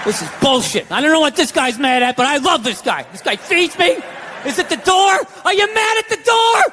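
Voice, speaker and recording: A man's voice: very high-pitched, big pitch swings, normal speed, sharp tone, a little hiss or hum, pitched above the performer's own voice, full character voice. A man doing an amped-up pit bull. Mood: hyped-up. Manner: eager, hyped-up, loyal. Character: excitable devoted pet pit bull dog.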